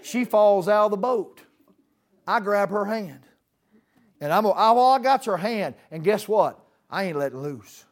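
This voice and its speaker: A man preaching a sermon in a church, folksy, with dramatic swings from loud to hushed. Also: sits high, animated, unhurried.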